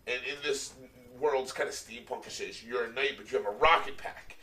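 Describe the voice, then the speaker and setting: Buzzed guy rambling and cussing on a podcast, bright voice, roomy echo, a bit off mic. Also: medium pitch, normal speed. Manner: loose, rambling and heavy on profanity. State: tipsy. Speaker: podcast co-host. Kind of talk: casual chat. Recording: echoey room, mic at a distance.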